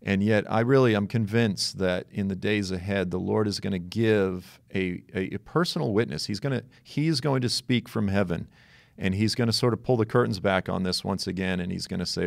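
Guy hosting a chat, low gravelly voice, dry close sound. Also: normal speed, dry recording. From South Boston. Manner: animated storyteller, acts out quoted voices. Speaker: interview host. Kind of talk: casual conversational interview.

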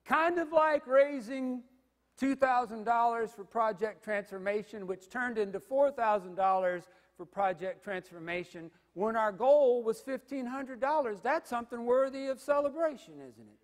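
Male pastor, 50s, high-pitched, dynamic sermon delivery in a reverberant sanctuary. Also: moderate pace. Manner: dynamic preaching, big swings from loud to hushed. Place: church sanctuary.

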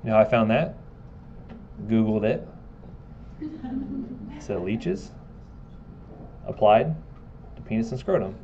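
A man's voice: lowish voice, animated, takes it slowly, long pauses, warm tone, highs cut off, a little hiss or hum. A man giving a casual classroom lecture, joking and asking his students questions.

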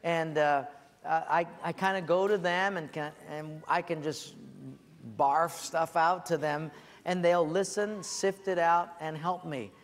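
A man preaching a sermon as a pastor, telling stories with lively acted-out voices and sudden shouts. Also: a little high, slow pace, big-room sound. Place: church.

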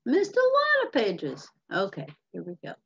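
A woman's voice: on the high side, wildly swooping pitch, moderate pace, gravelly, fairly bright tone, breathy edge. A woman teacher reading a picture book aloud to children, patiently explaining and asking questions, on a muffled lo-fi recording.

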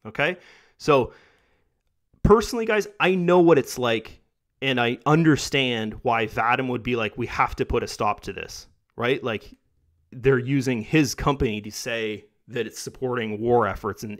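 A man hosting his own video, talking casually and rambling with lots of fillers, tagging "guys" and "right?" onto his sentences, his voice going a bit rough. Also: medium pitch, normal speed. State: losing his voice. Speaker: video host. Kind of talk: casual monologue to camera.

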